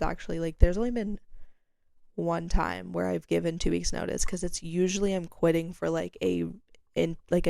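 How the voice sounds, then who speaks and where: Gravelly young woman, chatty storyteller. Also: fairly low pitch, a little mellow, no echo, clean studio sound. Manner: chatty, rambling, many fillers and restarts. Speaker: podcast host. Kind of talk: casual storytelling chat.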